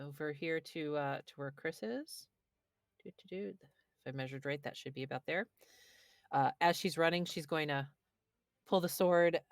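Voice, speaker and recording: A woman with a very low voice describes her character's moves in an online tabletop game. She sounds lively, and the sound is close and dry. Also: dry recording. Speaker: player.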